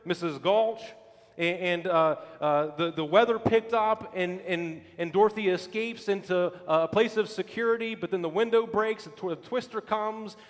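A male pastor preaching a sermon, telling stories with lively emphatic repetition. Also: high voice, normal speed, long reverb tail. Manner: animated storytelling with emphatic repetition.

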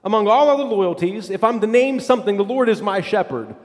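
A man preaching a sermon as pastor, with an emphatic, repetitive cadence that drops low and soft for scripture. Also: sing-song, brisk. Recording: long reverb of a large hall.

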